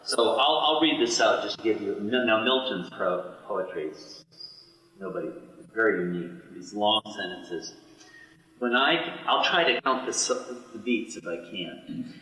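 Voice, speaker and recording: A man with a lowish, bright voice leads a small study group through poetry, unhurried and full of fillers. He is picked up by a boom mic some distance away, so the sound is roomy with a long reverb. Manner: unhurried, explains and reads verse aloud with many fillers. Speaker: study session leader.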